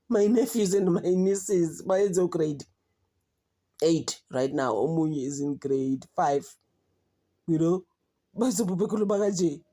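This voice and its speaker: South African woman vlogger, low warm voice, exasperated and animated commentary. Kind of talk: casual commentary mixing English and Zulu.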